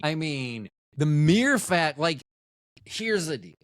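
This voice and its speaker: A man chatting through a solo podcast, his pitch swinging up and down as he rambles. He keeps cutting himself off and trailing away, tossing in offhand cursing and jokes. The recording is dry and close. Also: sing-song, takes it slowly, fairly bright tone, dry recording. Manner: rambling, self-interrupting, trails off mid-thought; profane, offhand humor. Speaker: podcast host. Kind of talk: casual solo podcast chat.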